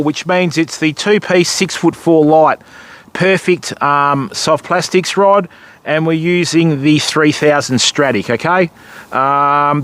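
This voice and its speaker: A man's voice: on the high side, fairly bright tone, smooth. A middle-aged Australian man chatting casually to viewers on a livestream while fishing from a kayak on a river, calling people mate and bud.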